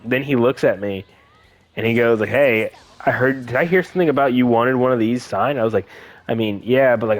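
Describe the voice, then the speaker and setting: A young man chatting casually as a gaming co-host, telling an anecdote and acting out the quoted voices. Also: medium pitch. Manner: animated storyteller, acting out quotes. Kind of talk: casual chat.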